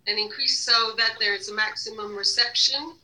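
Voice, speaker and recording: A woman leading a guided energy healing session, giving slow repeated commands to an unseen device with many hesitations. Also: a little high, fairly even intonation, pushed and bright, poor audio.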